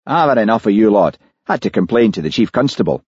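A male narrator voicing a sour, middle-aged builder with a Scottish accent in an audiobook, curt and gruff. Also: on the low side, sing-song, normal speed, a little mellow, dry recording. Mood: hostile. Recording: dull lo-fi audiobook recording.

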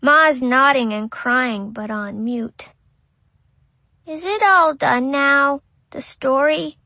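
A woman's voice: sits high, slow pace, bright, forceful tone, dry recording, full character voice. A woman voicing a curious, innocent five-year-old boy who narrates in a childlike, literal way. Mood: wondering. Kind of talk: audiobook narration.

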